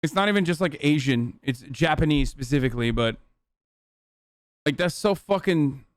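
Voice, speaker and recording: A man's voice: fairly high pitch, expressive, moderate pace, clear, resonant tone, no room sound. A man streaming live, reacting to a video with rambling, profane, emphatic commentary.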